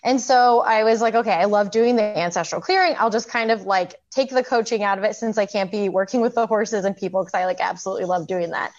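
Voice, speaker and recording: A woman's voice: on the high side, brisk, few pauses, dull audio. A woman in her thirties, a program graduate, telling her story casually with many fillers and frequent laughs. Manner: chatty, lots of fillers, laughs often.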